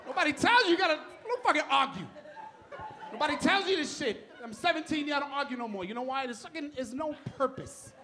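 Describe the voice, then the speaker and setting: Loud profane stand-up comic in a club. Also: male voice, very high voice, lively intonation, quick pace, slight background noise. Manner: loud, profane, exasperated storytelling. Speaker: stand-up comedian. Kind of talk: stand-up routine. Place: comedy club stage. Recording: live club with crowd laughter. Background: audience laughing.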